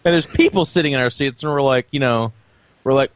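A man co-hosting a casual podcast, telling a quick, relaxed anecdote. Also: medium pitch, smooth. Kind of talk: casual storytelling.

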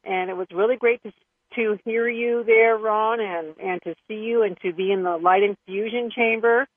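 Female radio co-host, mid-pitched, meandering anecdotes, dry phone-line audio. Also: slightly rough, dry recording. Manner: chatty, hesitant, with soft laughs. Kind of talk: casual talk-radio storytelling. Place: Los Angeles area, over the phone.

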